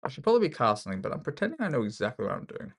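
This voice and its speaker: A man's voice: mid-range voice, wildly swooping pitch, rapid-fire, vocal fry, husky. A man with an Australian accent thinking aloud as he plays chess, joking and poking fun at himself. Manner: jokey, thinks aloud, self-mocking. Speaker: chess streamer. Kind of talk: casual commentary while playing online chess.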